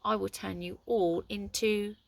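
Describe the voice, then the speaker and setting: Menacing storybook witch, read by a woman, slow and raspy. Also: mid-range voice, fairly even intonation. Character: hot-tempered threatening witch woman.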